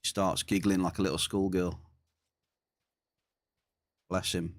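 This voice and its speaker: A man's voice: low voice, little pitch movement, unhurried, no echo, clean studio sound. Chatty man streaming a game. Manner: chatty, reads and answers chat. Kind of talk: casual gaming stream chat.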